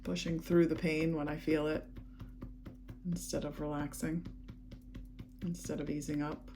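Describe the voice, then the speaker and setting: Woman guiding a calm tapping session. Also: sits low, unhurried, soft background music. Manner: calm, repetitive spoken affirmations. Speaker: EFT tapping practitioner.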